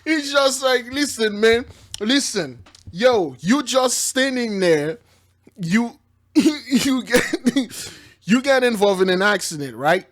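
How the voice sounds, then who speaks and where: A man giving casual commentary on a news clip, laughing often, saying "man" a lot, and dropping to quiet low asides. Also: expressive, takes it slowly. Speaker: online preacher reacting to news.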